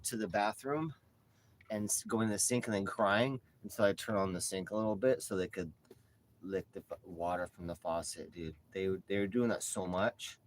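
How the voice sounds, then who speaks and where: Low-voiced guy rambling casually in a vlog, cusses a lot, soft coaxing voice for his cat. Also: slight background noise, poor audio. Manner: rambling and profane, shifts into soft coaxing pet talk. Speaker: vlogger. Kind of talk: casual monologue while caring for his cat.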